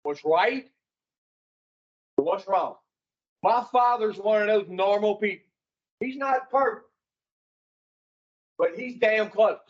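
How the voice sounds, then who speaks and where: High-voiced, slow folksy recovery speaker. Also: male voice, highs cut off. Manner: folksy, asks the group rhetorical questions. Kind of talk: preaching talk to a recovery group.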